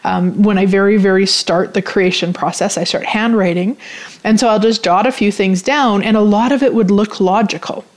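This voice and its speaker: A woman's voice: medium pitch, fairly even intonation, normal speed. Giggly rambling woman radio host. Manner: meandering, giggly, with many restarts. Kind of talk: casual talk-radio monologue.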